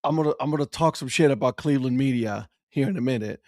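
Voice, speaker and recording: A man at mid pitch who teases and brags in loose, playful banter as a sports show co-host. His voice is dry and close to the mic. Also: fast talker, a little mellow, dry recording. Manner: teasing, boastful, playful. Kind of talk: casual chat.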